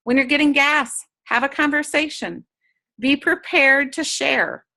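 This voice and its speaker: A woman with a high, bright voice leads a sales training session over a video call. She coaches in an upbeat way and slips into quick sample chats with customers. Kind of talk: training talk to direct sellers.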